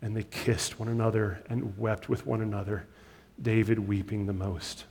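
A man preaching a sermon as a pastor, his delivery swinging between loud emphatic stresses and hushed, drawn-out words. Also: fairly low pitch, flat delivery, creaky. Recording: long hall reverb.

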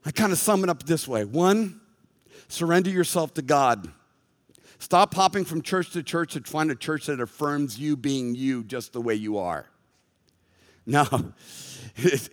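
Middle-aged guy preaching in a church, emphatic and chatty, pokes fun at himself, bit of a higher voice. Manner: emphatic, conversational with wry self-deprecating asides. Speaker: pastor. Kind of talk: sermon. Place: church sanctuary. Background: soft music underneath.

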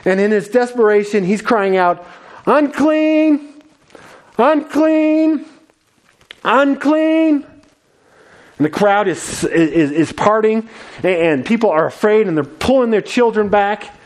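Earnest male preacher, slightly high voice. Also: moderate pace. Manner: earnest, dramatic storytelling with swings in pitch. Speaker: pastor. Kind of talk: sermon.

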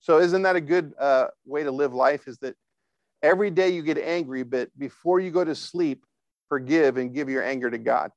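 A man's voice: a little high, moderate pace, dry recording, highs cut off. Man preaching a casual sermon. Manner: asks the congregation for responses; informal, with frequent fillers and restarts. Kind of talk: conversational sermon.

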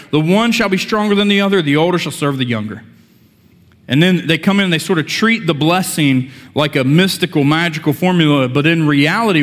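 A man's voice: on the high side, fairly bright tone. A male pastor delivering a sermon in a conversational style, with joking asides to the congregation. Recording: long church-hall reverb.

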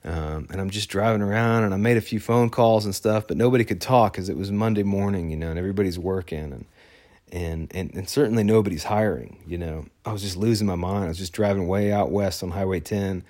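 A man's voice: low voice, a little fast, a little mellow. A man in his thirties casually telling a personal story, rambling with fillers and restarts and laughing at himself now and then. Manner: rambling, many fillers and self-corrections.

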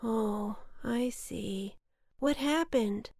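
A woman voicing a sad, lonely male rain cloud in a children's storybook, slow and mournful with a breathy, hushed delivery. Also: fairly high pitch, dry recording, clean studio sound, heavily acted. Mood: gloomy.

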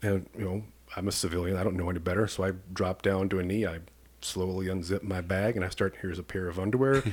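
Low-voiced man telling a lively story. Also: fast. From Iowa, US. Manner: lively storyteller who acts out the people in his story. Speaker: police commander, podcast guest. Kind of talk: animated personal storytelling.

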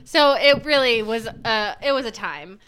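Bright, animated woman telling a story. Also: a little high, measured pace, clean tone. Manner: animated storyteller, swears casually. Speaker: podcast co-host. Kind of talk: casual chat.

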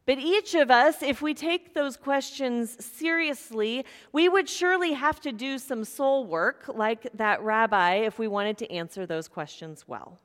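A woman's voice: fairly high pitch, measured pace, hardly any pauses, fairly bright tone. A woman preacher giving a sermon in a church, telling a story in a conversational way with playful asides. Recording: long reverb of a large hall.

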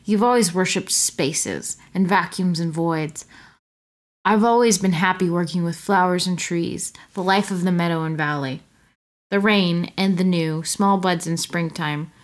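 A woman reading a science-fiction story aloud with a friend, taking the wife's lines and breaking in with playful questions. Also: fairly low pitch. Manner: playful, asks questions, reads her part slowly. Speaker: co-reader of a story. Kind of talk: casual reading aloud with banter.

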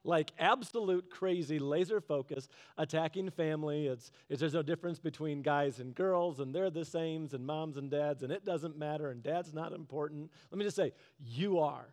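Male preacher with a high voice and an earnest, chatty sermon delivery. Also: normal speed, few pauses, a little mellow. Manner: earnest, chatty storytelling with laughs. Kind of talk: conversational sermon.

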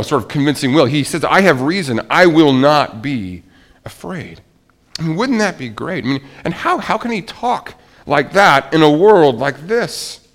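A man preaching a sermon to a congregation, swinging between soft, hushed lines and loud, emphatic ones. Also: on the low side. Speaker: pastor.

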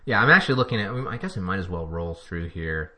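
Lively, bright-voiced rambling podcast guy. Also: low-pitched. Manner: rambling, chuckling, halting. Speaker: podcast co-host. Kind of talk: casual chat.

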